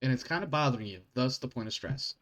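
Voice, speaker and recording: Male GM, relaxed tabletop narration with offhand corrections. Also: mid-range voice, fast. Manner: casual, laughing asides and self-corrections. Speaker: game master.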